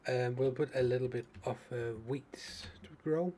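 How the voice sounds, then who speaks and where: Narrating his survival game in a relaxed let's-play style, this man speaks at normal speed with a medium pitch, fairly even intonation and a dark tone. His commentary is full of fillers and restarts as he thinks aloud, over slight background noise.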